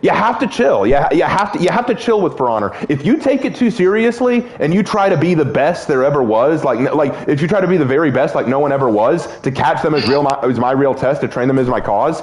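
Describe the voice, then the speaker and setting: Animated young man joking on a game stream. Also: fairly high pitch, a little fast, few pauses. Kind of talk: casual gaming chat.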